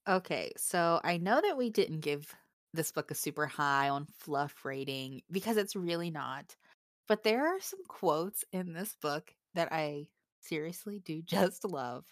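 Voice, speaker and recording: A woman's voice: low voice, expressive, a little slow, no echo, studio quality. A young woman co-hosting a casual book podcast, gushing and giggling as she reads favorite quotes aloud. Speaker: podcast co-host.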